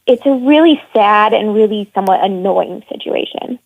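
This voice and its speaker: A woman's voice: mid-range voice, expressive, moderate pace, gravelly, dry recording. A woman calling in as a women's hockey reporter, talking frankly and with open frustration during a phone-in discussion. She sounds annoyed and opinionated. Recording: tinny phone line.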